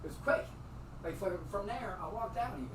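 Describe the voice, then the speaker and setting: A man tells a loose, wandering story in a somewhat high voice, swearing freely and breaking into laughter. He sounds set back from the microphone, with a faint hiss of noise behind him. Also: quick pace, far from the mic. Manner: rambling and profane, laughing often. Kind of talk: casual storytelling.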